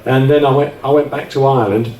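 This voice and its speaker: A man's voice: medium pitch, fairly even intonation, fast, darkish tone. A man being interviewed, reminiscing in a rambling, chatty way with frequent restarts. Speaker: interview guest, former offshore radio DJ. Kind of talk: casual recollection on stage interview. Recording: roomy sound from a distant mic.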